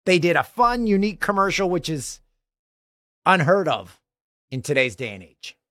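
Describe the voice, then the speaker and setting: Upbeat higher-voiced man, dry close sound. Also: moderate pace, no echo. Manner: animated, jokey, laughs often. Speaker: podcast host. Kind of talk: casual chat.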